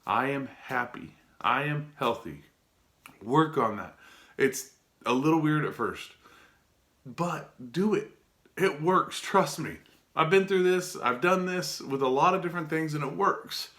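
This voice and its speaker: A man's voice: fairly high pitch, animated, a little slow, fairly bright tone. A man giving an earnest, casual motivational talk to his viewers, often restarting and asking them direct questions. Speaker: self-help vlogger.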